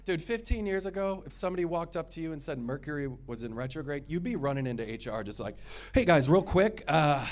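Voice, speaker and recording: A young man performs a stand-up set with a sarcastic, crude delivery and plenty of profanity. His voice sits a little higher than most men's. He mocks the crowd with bite. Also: fast, hardly any pauses, darkish tone. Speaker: stand-up comedian. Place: comedy show in a gym.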